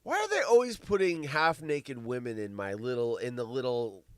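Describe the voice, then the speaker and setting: A middle-aged man hosting a live show, rambling and swearing, with big swings between loud bursts and mumbling. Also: medium pitch, sing-song, normal speed, dry recording. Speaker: podcast host. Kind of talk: casual live-stream chat.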